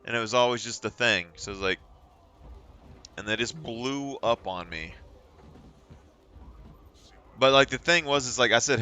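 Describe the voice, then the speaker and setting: Bright, clear-voiced male streamer. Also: medium pitch, normal speed, long pauses, dull audio. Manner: rambling, anecdotal, thinking aloud. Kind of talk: casual live-stream chat while gaming.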